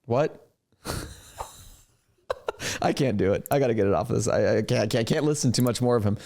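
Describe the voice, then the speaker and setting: A man at a medium pitch reacts to clips in loose, casual commentary. He is animated and opinionated and keeps turning aside to address his producer. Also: fairly quick, creaky. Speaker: reaction video host.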